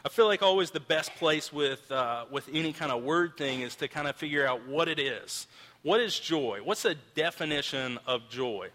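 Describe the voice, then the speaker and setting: A man's voice: a little high, expressive, normal speed, sharp tone, long reverb tail. A man in his thirties preaching a sermon in a casual storytelling way, often restarting his sentences, recorded in a church auditorium. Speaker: pastor.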